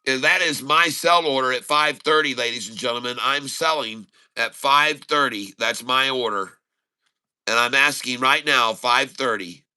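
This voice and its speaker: Guy hyped up calling out his stock trades live, super bright smooth voice. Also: mid-range voice, moderate pace. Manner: excited running commentary addressing "folks". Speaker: day-trading streamer. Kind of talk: live trading commentary.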